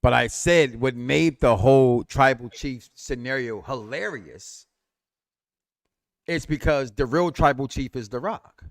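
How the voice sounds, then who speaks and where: A man co-hosting a wrestling talk show, chatting casually in a lively, joking way with stammered restarts. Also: mid-range voice, unhurried, dry recording, studio quality. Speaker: wrestling podcast co-host. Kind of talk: casual barbershop-style chat.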